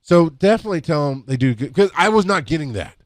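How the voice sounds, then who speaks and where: Fast and sing-song, this middle-aged man's slightly high voice carries his rambling EMS work stories, full of restarts and acted-out quotes. He's an instructor talking casually into a podcast microphone, recorded at studio quality without echo.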